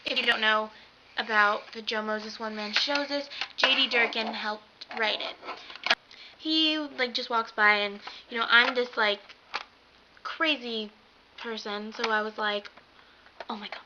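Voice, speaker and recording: A young woman excitedly gushing in a casual vlog, rambling with lots of fillers. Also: a little high, a little slow. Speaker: vlogger. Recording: dull lo-fi webcam sound with faint hiss.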